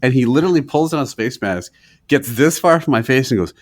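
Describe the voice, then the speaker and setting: A man co-hosting a podcast, telling a story in casual chat, swearing and acting out quotes loudly. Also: mid-range voice, lively intonation, fairly quick. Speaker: podcast co-host.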